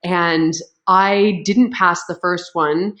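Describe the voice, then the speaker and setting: A woman's voice: on the low side, steady tone, slow pace, fairly bright tone, roomy sound, lo-fi sound. A young adult woman with a Canadian accent, a guest chatting casually in an interview, laughing easily and acting out what she said. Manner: chatty, laughs easily, acts out her own lines.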